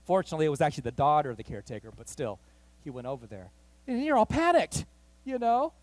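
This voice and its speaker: A man pastor telling a story in a sermon, animated and acting out the voices of the people in it. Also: fairly high pitch, fast talker, no room sound. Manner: animated, acts out quoted voices, rising excitement. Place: church.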